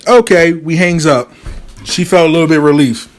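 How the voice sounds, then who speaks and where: A man telling a story casually, animated and profane, acting out the people he quotes. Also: on the high side, moderate pace.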